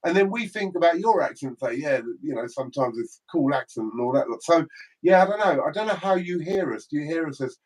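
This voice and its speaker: A man's voice: a little high, lively intonation, brisk, a little mellow, rough recording. An English man co-hosting a casual livestream, reading out viewer comments and laughing easily. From England. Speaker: livestream co-host.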